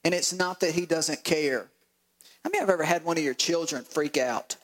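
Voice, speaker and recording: A man preaching a sermon as pastor, telling animated stories with laughs and acted-out voices. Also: fairly high pitch, moderate pace, poor audio.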